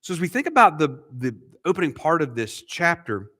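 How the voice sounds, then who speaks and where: A man's voice: a little high, big pitch swings, brisk, pushed and bright. A middle-aged man preaching an expository sermon as pastor, asking rhetorical questions and repeating key phrases for emphasis. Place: church sanctuary.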